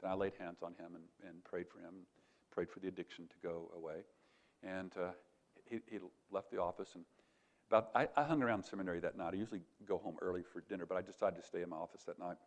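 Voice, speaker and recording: An older man tells a story at a retreat in a relaxed, conversational preaching style, slipping into livelier voices when he quotes people. His voice sits low and carries a gravelly edge. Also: fast talker. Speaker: conference speaker.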